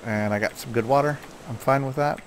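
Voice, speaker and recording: A man's voice: mid-range voice, a little fast, a little hiss or hum. A man casually commenting on his own gameplay, chatting to himself and scolding the animals in the game.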